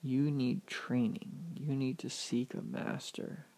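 A man voicing a calm, solemn mouse who is really an enchanted prince, in a told story. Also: mid-range voice, slow pace, creaky.

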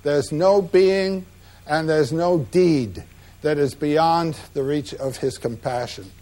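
A man giving a measured, reflective lecture about slides, pausing often with "uh" between phrases. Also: on the high side, warm tone. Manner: measured, reflective, with frequent pauses and "uh" fillers.

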